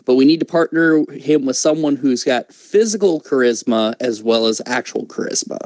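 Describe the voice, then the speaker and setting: A man co-hosting a casual review podcast, speaking in a relaxed, hesitant way. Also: medium pitch, moderate pace, no room sound. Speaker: podcast co-host. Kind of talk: casual wrestling review chat.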